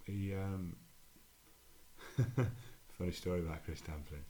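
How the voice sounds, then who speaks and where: A man's voice: deep voice, slow, slight background noise. A man co-hosting a podcast, telling stories casually and acting out the other people's voices as he goes. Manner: animated storyteller acting out quoted voices, chuckling. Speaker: podcast co-host and tournament organizer. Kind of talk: casual storytelling chat.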